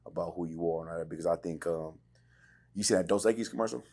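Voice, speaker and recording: A man's voice: sits low, fast, a little mellow. A man from California hosting a podcast interview in laid-back street slang. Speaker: podcast host. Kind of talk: casual interview chat.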